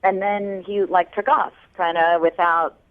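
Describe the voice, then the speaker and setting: A woman's voice: fairly low pitch, steady tone, a little slow. Woman, caller, chatty, sassy, tinny phone sound. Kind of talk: telling a dating story on air.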